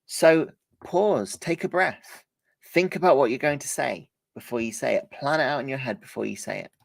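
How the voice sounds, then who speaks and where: A male trainer teaching a workshop, his voice a little hoarse from a cold. He speaks at a middling pitch, keeps the delivery lively with swings in loudness and speed, and the sound is close and dry. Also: moderate pace, no room sound. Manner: lively, varies volume and pace to demonstrate. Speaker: presentation skills trainer. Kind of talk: live workshop lesson.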